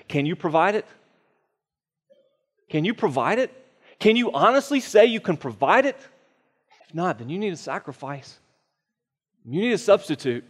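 Earnest man preaching in a reverberant hall. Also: on the high side. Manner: earnest, emphatic preaching with repeated phrases. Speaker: pastor. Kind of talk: sermon. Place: church sanctuary.

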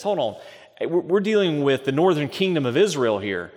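A man's voice: on the high side, very animated, normal speed, darkish tone. A man preaching a sermon as pastor, emphatic, asking rhetorical questions and repeating phrases. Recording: long reverb of a large hall.

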